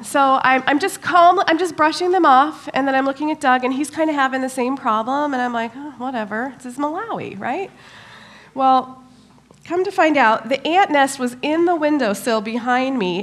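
A middle-aged woman giving a church talk, telling a personal story in an animated way, with many pauses and fillers. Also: sits high. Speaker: church speaker.

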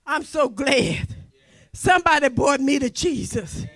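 A woman evangelist preaching a fervent sermon, often shouting and exclaiming hallelujah. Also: high-pitched, animated, unhurried, no echo.

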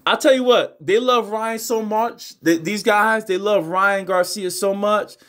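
A young man with a high voice hosts his boxing channel in loose reaction commentary. He swears freely, stumbles and repeats himself, and swings between exasperation and laughter. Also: a little slow, fairly bright tone. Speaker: host of a boxing news channel.

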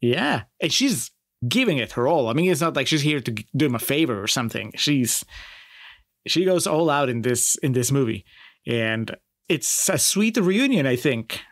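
A man's voice: mid-range voice, very animated, moderate pace, dry recording, studio quality. A man co-hosting a casual film podcast, chatty and enthusiastic, asking his partner questions. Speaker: podcast co-host.

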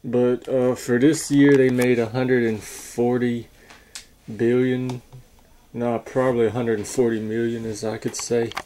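A man talking casually and haltingly as he reviews a coin, stopping to correct himself. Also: mid-range voice, level tone, warm tone, slight background noise. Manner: slow, halting, unsure talk with fillers and self-corrections.

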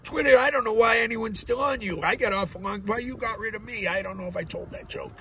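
A man's voice: high-pitched, fast, sharp tone, rough recording. A man vlogging from his car, rambling, swearing freely and laughing at his own jokes. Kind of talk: rambling casual monologue. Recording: outdoor traffic noise behind.

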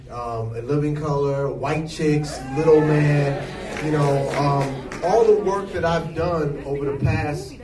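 Forties male actor guest, slightly high voice, animated and jokey; distant mic in an echoey hall with noise. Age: 40s. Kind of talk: casual interview. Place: event hall with an audience.

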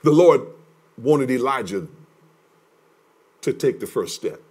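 A male pastor preaching a sermon, emphatic and repetitive, dropping from loud declarations to hushed words. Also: mid-range voice, animated, slow, breathy edge. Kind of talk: livestreamed sermon teaching.

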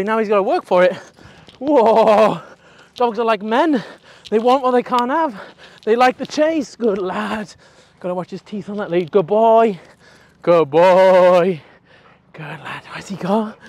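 A young man, a dog trainer explaining his work in an energetic, chatty way with casual swearing. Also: high voice, a little slow, no echo.

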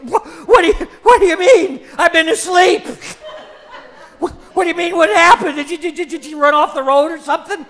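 A man acting out a hundred-year-old backwoodsman who rambles through his tall tales in a folksy drawl and cackles as he goes. His voice is high and bright. He is a stage comedy figure who gets lost in his own story. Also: a little fast. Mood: confused, excited. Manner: cackling, repeats the same yarn.

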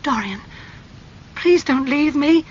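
Man voicing a young actress, high and pleading. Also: lively intonation, fairly quick, pushed and bright. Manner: high, pleading, emotional delivery. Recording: slightly muffled with faint hum.

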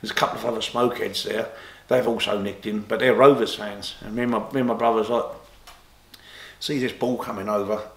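Speaking fairly quickly in a lowish voice with fairly even intonation, this interview guest, once a boxer and golfer, wanders through lengthy casual stories, restarting often. He grows more animated when quoting others, and the recording sounds roomy.

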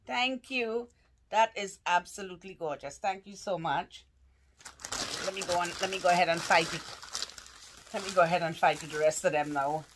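Woman, lowish voice, casual vlog, gushing, exclaiming, laughing, faint background hiss. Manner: gushing, exclaiming, laughing often while struggling with packaging. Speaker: vlogger opening fan mail.

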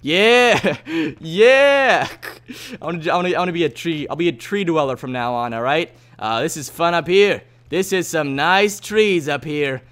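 A man hosting a gaming video, joking playfully through his game and swinging between loud yelps and quiet asides. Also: on the high side, a little fast, few pauses, clean tone. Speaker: gaming channel host. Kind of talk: Let's Play commentary.

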